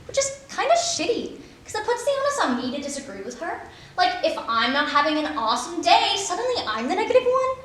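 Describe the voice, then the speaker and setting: A woman's voice: very high-pitched, sing-song, fast talker, slight background noise, full character voice. A woman voicing a bitter, washed-up middle-aged male horse, delivering a sardonic, darkly funny stage eulogy in a roomy, echoing space. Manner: sardonic, dark-humoured, self-deprecating. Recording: roomy echo.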